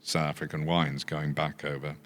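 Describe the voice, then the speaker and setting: An older man with an extremely deep voice, unhurried as he spins a story. He pauses on fillers and lets his anecdotes unfold in easy podcast chat. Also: flat delivery, a little hiss or hum. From Yorkshire. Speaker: guest, business founder.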